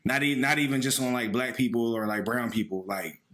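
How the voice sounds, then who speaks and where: Young philly dude, mid-range voice, blunt, rambles, swears a bunch. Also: male voice, mid-range voice, a little fast, a bit bright. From Philadelphia area. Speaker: podcast co-host. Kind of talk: casual chat.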